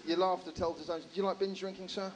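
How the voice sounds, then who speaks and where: Male stand-up, 30s, English accent, dry and self-deprecating, slightly high voice, faint room noise. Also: little pitch movement, rough recording. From England. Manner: dry, self-deprecating delivery with slow deliberate pacing. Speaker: stand-up comedian. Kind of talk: stand-up comedy set. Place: comedy club stage with a live audience.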